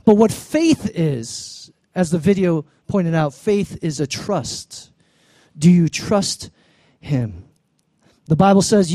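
A man preaching a sermon as a pastor, animated, acting out the people in his story and calling for an amen. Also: high voice, no room sound. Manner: calls to the congregation for an amen.

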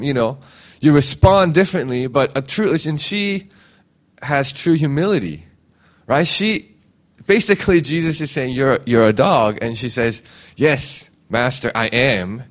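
A man preaches a casual sermon in a conversational style, often ending his points with the tag question "right?" When quoting others, he acts out their voices with big jumps in pitch.

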